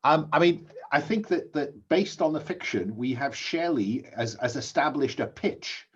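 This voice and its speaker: A husky-voiced man running a tabletop role-playing game, pausing often as he asks each player what they do. The recording is dull and lo-fi, like an online call. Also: on the high side, expressive. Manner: hesitant, asks players questions. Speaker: game master.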